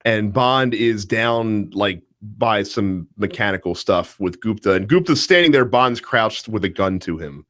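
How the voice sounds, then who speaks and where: A man co-hosting a podcast, chatting casually about a film, animated and laughing, full of fillers and restarts. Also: lowish voice, measured pace, hardly any pauses. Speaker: podcast co-host. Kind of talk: casual movie discussion.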